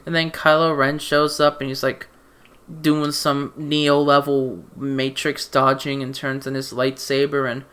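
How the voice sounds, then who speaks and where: A man's voice: mid-range voice, little pitch movement, a little slow, fairly bright tone, smooth. A man ranting about a movie in a casual, rambling way, stammering through restarts and sounding exasperated and sarcastic. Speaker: movie reviewer. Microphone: desk mic.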